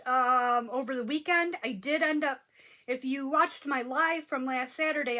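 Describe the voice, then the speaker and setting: A woman's voice: high-pitched, bright, forceful tone. A woman hosting a crafting channel, chatting casually and rambling with many ums while she works.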